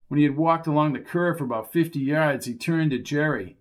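A man narrating a crime novel as an audiobook, in a steady, measured storytelling manner. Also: a little high.

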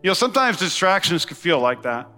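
A man preaching a sermon to a congregation, animated and conversational, full of asides and call-and-response. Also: sits high, quick pace, faint music behind. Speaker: pastor. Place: large church hall. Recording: long church-hall reverb.

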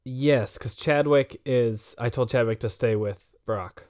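A man's voice: medium pitch, a little slow, a little mellow. A man playing a tabletop game, answering the game master with dry humor. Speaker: player.

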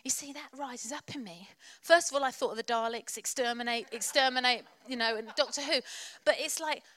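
A woman's voice: sits high, a little fast, fairly bright tone, no room sound. A woman preacher delivering a sermon in church, passionate and exhorting, with playful asides.

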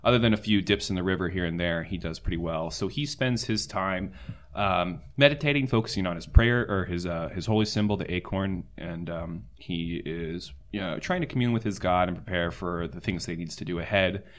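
A man's voice: deep voice, fairly quick. A man playing a tabletop game, casually describing what his character does, with many fillers. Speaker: player.

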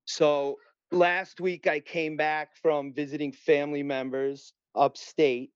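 A middle-aged man, telling a story in an animated, profane way and acting out other voices. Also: a little high, takes it slowly, clear, resonant tone, no room sound, lo-fi sound. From Long Island, New York. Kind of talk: casual storytelling.

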